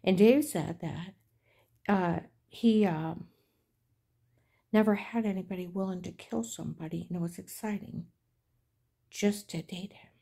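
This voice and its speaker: Indignant middle-aged woman, mellow voice. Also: lowish voice, a little slow, vocal fry, long pauses, slightly rough. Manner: aggrieved, indignant, rambling. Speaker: vlogger. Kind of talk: rambling personal storytelling.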